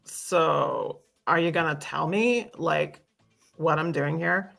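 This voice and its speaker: A woman's voice: deep voice, takes it slowly, vocal fry, fairly bright tone, soft background music, pitched below the performer's own voice, exaggerated voice. A woman playing a confused, reluctant young man in an improvised scene, in a hesitant, stammering put-on Boston accent. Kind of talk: improvised comic scene reading.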